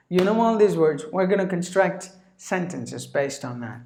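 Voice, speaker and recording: A man teaching a spoken lesson. He talks slowly and carefully, sets out single words one at a time, and often clears his throat. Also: a little high, lively intonation, darkish tone. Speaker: English teacher. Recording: echoey room.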